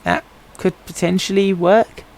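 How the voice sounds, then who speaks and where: A man's voice: sits high, steady tone, measured pace, a little mellow, poor audio. A man streaming a game, giving casual commentary and musing aloud to himself as he plays. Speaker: gaming streamer.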